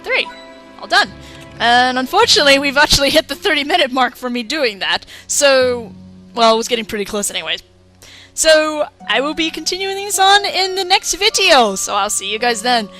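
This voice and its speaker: A young woman hosting a let's play, chatting excitedly through gameplay commentary. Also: high voice, moderate pace, faint music behind. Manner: excitable and giggly.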